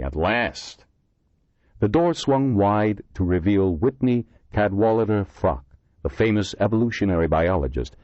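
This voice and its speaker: A man reading a horror thriller audiobook in expressive, measured narration. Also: low-pitched, no room sound. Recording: dull lo-fi dry recording.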